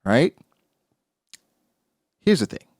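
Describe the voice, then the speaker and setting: Talking extremely slowly, a male podcast co-host casually picks apart a comic chapter in a clean, echo-free studio recording. He acts out the characters' lines in an animated way, his pitch leaping widely.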